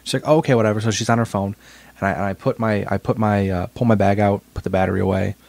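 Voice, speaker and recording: Guy on a podcast rambling fast, lowish voice, repeats himself a lot. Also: completely flat delivery, creaky, a little mellow, dry recording. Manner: rambling, repeats words while telling a story. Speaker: podcast co-host. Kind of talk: casual chat.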